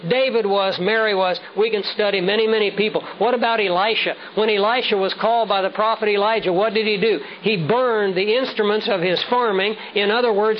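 A man preaching a sermon with measured, emphatic delivery, slowing down to stress key words. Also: high-pitched. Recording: dull lo-fi sound with faint noise.

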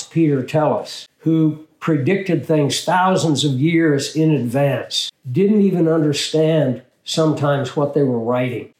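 An older man teaching scripture as a pastor, his voice set a bit higher than most men's. He talks in a measured way and keeps asking questions and answering them himself. The room around him rings with a noticeable echo. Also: darkish tone. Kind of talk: Bible teaching.

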